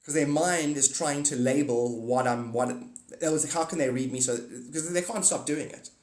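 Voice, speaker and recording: A man's voice: mid-range voice, normal speed, a little mellow, roomy sound. A man hosting a casual livestream, talking to viewers in a rambling, blunt and profane way. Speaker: livestream host.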